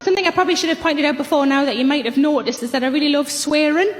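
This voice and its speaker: A woman's voice: high-pitched, steady tone, some chatter behind. A woman doing wry stand-up comedy. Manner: brisk, wry delivery. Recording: echoey hall with loud noise.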